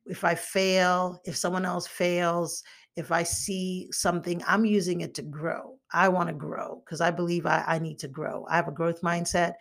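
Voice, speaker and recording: A woman's voice: lowish voice, steady tone, normal speed, vocal fry. A woman giving a motivational teaching talk on emotional intelligence as a coach, acting out her inner thoughts with animation.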